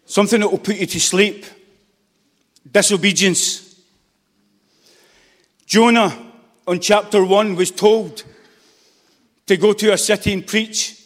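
A man's voice: high voice, fairly even intonation, slow pace, pauses often. A man preaching a fervent sermon in a church hall, pressing his points with repeated calls and exclamations. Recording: long echoing reverb of a large hall.

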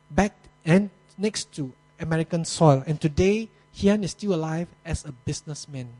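A man preaching a sermon, retelling a story with dramatic pauses and small grammar slips. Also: high-pitched, warm tone, low-quality recording.

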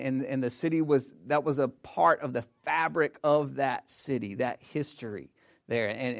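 A man preaching a sermon as pastor, emphatic and conversational, building phrases through repetition and repeating words as he restarts. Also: on the high side.

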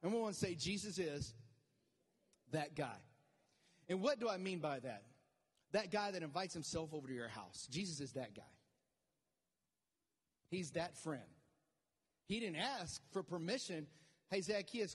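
A man's voice: a little high, expressive, moderate pace, long pauses, slightly rough, big-room sound. A man preaching a sermon as pastor, conversational at first and then rising to fervent calls to the congregation.

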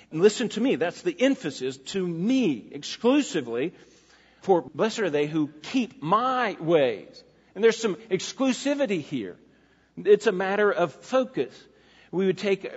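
A man's voice: high voice, slightly rough. A middle-aged man preaching a sermon as a pastor, earnest and emphatic, asking his listeners rhetorical questions. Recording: dull lo-fi recording in a reverberant hall.

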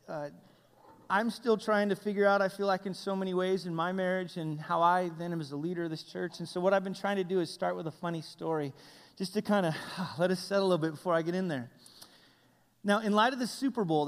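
A man pastor giving a conversational sermon, halting often with fillers and restarts. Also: high voice. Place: church sanctuary. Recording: church hall with long reverb.

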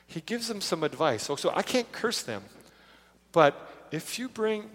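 A man's voice: medium pitch, a bit bright, slight background noise. A man preaching a conversational sermon, retelling scripture in a casual way and briefly acting out its characters. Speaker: pastor. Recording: long reverb of a large hall.

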